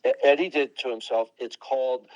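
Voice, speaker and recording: An older man from Long Island, a rock guitarist, giving a guest interview in a digressive, halting way with many restarts. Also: medium pitch, fairly even intonation, a little mellow, no echo, muffled recording. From Long Island, New York. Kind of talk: rambling interview talk.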